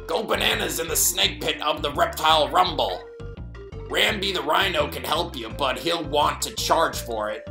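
A guy doing a grumbling old ape geezer, gravelly and a touch high, echoey room with game music. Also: animated, normal speed. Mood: gruff. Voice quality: raspy. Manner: reading game dialogue in an old man voice.

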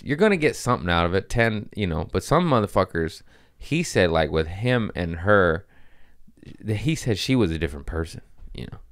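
A young man hosting a podcast, telling stories in a casual, profane, animated way and laughing at his own jokes. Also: low-pitched, smooth, no room sound, clean studio sound. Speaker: podcast host. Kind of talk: casual storytelling monologue.

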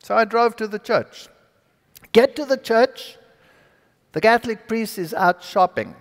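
A man giving his personal testimony to an audience, telling the story in an animated, dramatic way. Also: high voice, measured pace. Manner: animated, dramatic storyteller who acts out dialogue. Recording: long hall reverb.

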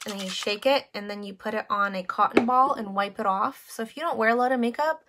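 A woman's voice: on the high side, fast, noisy background. A woman in her thirties chatting casually on a live stream while showing makeup, with many fillers. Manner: chatty, greets viewers by name, many fillers.

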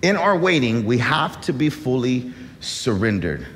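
A man's voice: mid-range voice, very animated, measured pace, a bit bright, in a large hall, a little hiss or hum. A man preaching a sermon as pastor, earnest and often repeating and restarting his words.

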